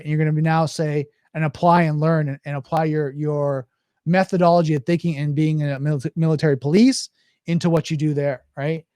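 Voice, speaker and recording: A man's voice: fairly high pitch, darkish tone, no echo, studio quality. A man hosting a podcast, rambling casually and answering viewer questions. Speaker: podcast host. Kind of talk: casual livestream podcast talk. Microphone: podcast mic.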